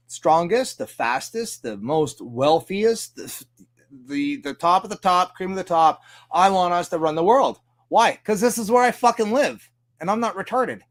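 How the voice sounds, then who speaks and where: A man with a Canadian accent hosting a livestream, ranting casually with heavy swearing and frequent laughs. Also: a little high. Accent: Canadian English. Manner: profane, ranting, laughs often. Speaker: livestream host.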